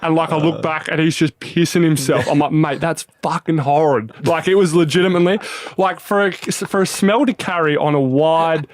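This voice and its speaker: A man's voice: a little high, a little fast, dry recording, studio quality. A man in his twenties with an Australian accent, telling stories in casual podcast chat, swearing freely and acting out what people said. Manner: animated, swears freely, acts out quotes. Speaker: podcast guest.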